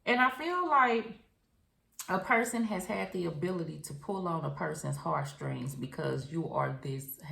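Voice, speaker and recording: A woman reads tarot cards in a chatty, frank way, talking straight to her viewer with pet names. Her voice sits low and has a gravelly edge. The sound bounces around an echoey room. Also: moderate pace. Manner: frank, chatty, addresses viewer directly with endearments. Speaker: tarot reader. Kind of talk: casual tarot reading to camera.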